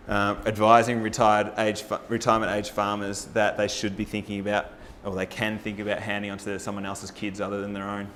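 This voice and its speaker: Male presenter, low register, upbeat persuasive forum pitch. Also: fairly quick, few pauses, slight background noise. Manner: energetic, rallying, with rhetorical questions to the audience. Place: live talk at a farming forum.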